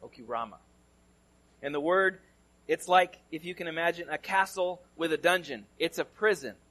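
With a fairly high voice at a normal speed, this California pastor delivers a sermon. His storytelling is conversational, and his delivery swings from loud to hushed.

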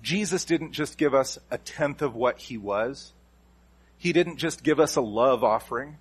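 A man's voice: mid-range voice, expressive, a little slow, husky. A man preaching a sermon as a pastor, emphatic and repeating key phrases with shifting stress.

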